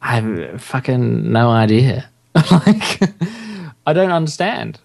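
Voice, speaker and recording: A man's voice: medium pitch, lively intonation, slow, vocal fry, a little mellow. A man co-hosting a podcast in casual chat, sarcastic and giggly, with the odd swear word. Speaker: podcast co-host.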